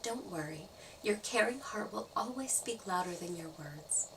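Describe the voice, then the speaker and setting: Gentle storybook elf, soft whisper, kind; voiced by a woman. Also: medium pitch, expressive, moderate pace, recorded from a distance, background noise, close to an everyday voice. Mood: comforting.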